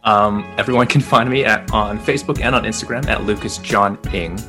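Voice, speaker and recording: A man hosting a casual podcast, relaxed and often laughing, with lots of fillers. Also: on the low side, brisk, soft background music. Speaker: podcast host.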